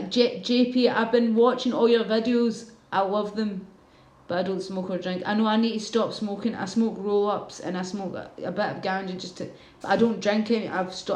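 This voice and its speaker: A woman's voice: medium pitch, darkish tone, roomy sound, poor audio. A Glaswegian woman from Scotland chatting casually on a livestream, rambling and answering her viewers' comments as she goes.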